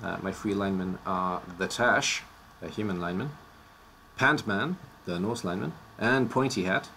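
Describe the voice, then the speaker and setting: A man's voice: on the low side, moderate pace, vocal fry, pushed and bright, a little hiss or hum. A man casually presenting teams on a live stream, his voice slightly worn out, joking and stumbling over odd names.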